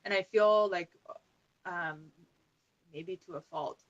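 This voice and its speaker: A woman wellness coach as a podcast guest, talking in an animated way with frequent "like". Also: lowish voice, slow pace, highs cut off. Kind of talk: conversational podcast interview.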